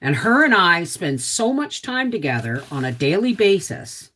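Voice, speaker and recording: Woman, homestead livestream host, casual and chatty, pitch swings up and down a lot. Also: big pitch swings, moderate pace, sharp tone. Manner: chatty, reads out viewer names, talks to her dog. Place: at home.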